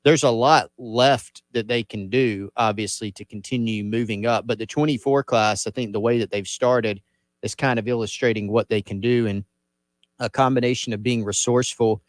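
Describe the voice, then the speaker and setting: A man's voice: fairly low pitch, steady tone, normal speed, no room sound. A man on sports radio analyzing college football recruiting, thinking aloud and repeating words as he starts his points. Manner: thoughtful, repeats words when starting a thought.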